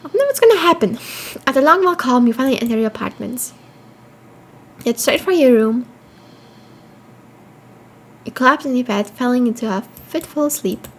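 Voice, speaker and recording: A woman's voice: high-pitched, animated, moderate pace, pauses often, slightly rough, poor audio. A woman streaming a horror game, reading its text aloud and reacting with swearing and laughter.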